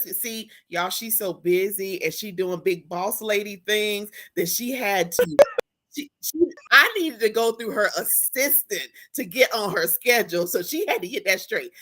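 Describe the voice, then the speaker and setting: A woman hosting a live-stream talk show, effusive and excitable, with a churchy way of talking. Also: mid-range voice. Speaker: host.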